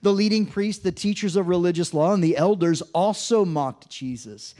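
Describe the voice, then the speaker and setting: A man's voice: sits high, moderate pace, hardly any pauses, warm tone. A man preaching a sermon, reading scripture aloud and acting out the mocking voices with drama. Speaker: pastor.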